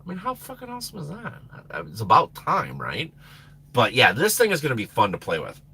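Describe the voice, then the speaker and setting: Chatting casually on his live stream, this man from Minnesota rambles, laughs a lot, and lets sentences trail off when his thoughts slip away. The voice is bright with a touch of huskiness, its pitch swooping wildly, and he talks a little fast.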